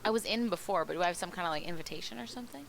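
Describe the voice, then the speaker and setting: A woman player talking casually and haltingly during a tabletop game. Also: on the low side, gravelly, over a noisy crowd, poor audio.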